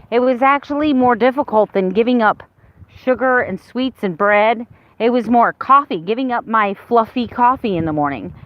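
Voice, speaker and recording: Woman in her fifties, casual vlog chat, candid and rambling, slightly dull lo-fi sound. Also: fairly high pitch. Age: 50s. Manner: candid and rambling, with many restarts. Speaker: vlogger.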